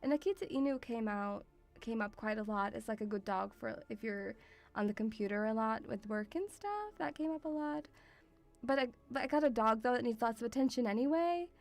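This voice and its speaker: High-voiced doting woman streamer. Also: animated, a little fast, vocal fry, darkish tone, soft background music. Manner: rambling, doting, calls viewers sweetie. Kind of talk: casual live-stream chat.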